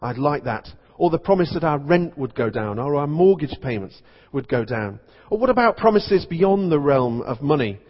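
Vicar preaching in an echoey church. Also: male voice, fairly high pitch, sing-song, normal speed, few pauses. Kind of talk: sermon. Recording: dull recording in echoey church.

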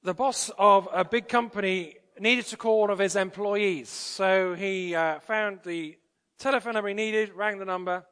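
A man's voice: sits high, fairly even intonation, moderate pace, fairly bright tone, clear, resonant tone. A man preaching a sermon in a church, conversational with frequent fillers and restarts. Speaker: pastor. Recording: church hall reverb.

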